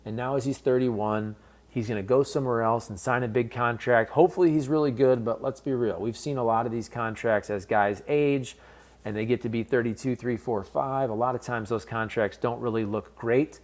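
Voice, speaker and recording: A man's voice: medium pitch, fairly even intonation, moderate pace. A man giving casual commentary on a hockey trade, talking candidly and directly to fans. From based in St. Louis. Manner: conversational, candid, fan-focused. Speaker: sports commentator.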